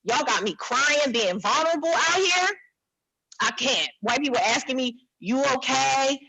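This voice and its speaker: A woman in her thirties from New Jersey doing a blunt, animated stand-up set, talking to the audience like a friend. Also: sits high, moderate pace, husky, no echo, low-quality recording. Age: 30s. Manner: blunt, animated, conversational, repeats herself. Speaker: stand-up comedian.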